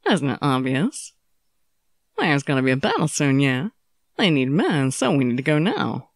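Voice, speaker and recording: A woman's voice: very animated, normal speed, no room sound, clean studio sound, exaggerated voice. Woman voicing a brooding, sickly young swordsman. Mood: defiant. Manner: low, subdued, teasing drawl. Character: young male samurai, ill, wry and brooding.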